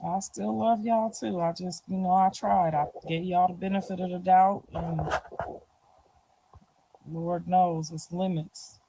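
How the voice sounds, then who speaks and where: A woman's voice: lowish voice, fairly even intonation, a little slow, slight background noise, poor audio. A middle-aged woman answering interview questions in a loose, slangy way, often checking in with "you feel me". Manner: loose, slangy talk with frequent "you feel me" and soft laughs. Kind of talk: casual street interview.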